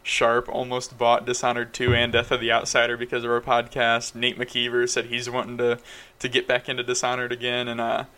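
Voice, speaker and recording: A man's voice: mid-range voice, completely flat delivery, brisk, hardly any pauses, sharp tone. A man co-hosting a podcast in casual chat, blunt and opinionated. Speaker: podcast co-host.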